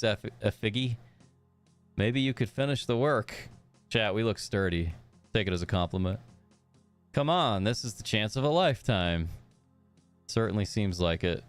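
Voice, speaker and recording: A man's voice: fairly low pitch, clear, resonant tone. A young man streaming a game live, chatting upbeat with his viewers and reading the characters' dialogue aloud in his own voice.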